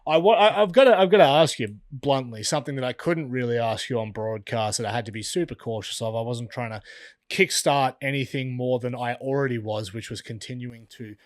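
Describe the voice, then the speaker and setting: Male host, casual interview, dry close sound, frank, mid pitch. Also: a little fast, dry recording. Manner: frank, brief backchannels, gets animated when he talks.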